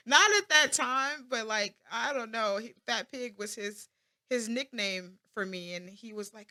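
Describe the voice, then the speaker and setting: A woman in her thirties, an interview guest, talking reflectively about her family with many pauses and restarts. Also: fairly high pitch, sharp tone. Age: 30s. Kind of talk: personal interview.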